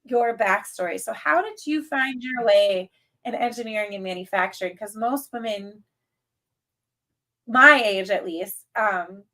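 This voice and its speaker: A woman's voice: mid-range voice, unhurried, sharp tone. A woman with a Midwestern accent hosting a podcast, nasal from a cold, upbeat and chatty. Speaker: podcast host. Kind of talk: casual interview chat.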